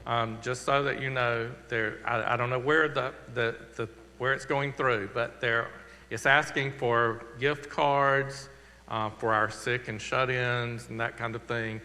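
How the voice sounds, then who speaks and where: Southern pastor guy, earnest and chatty, bright voice echoing round a big church. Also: medium pitch, fairly even intonation. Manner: earnest, conversational, slowing for emphasis. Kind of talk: church announcements and closing prayer. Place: church sanctuary. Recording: long reverb of a church hall.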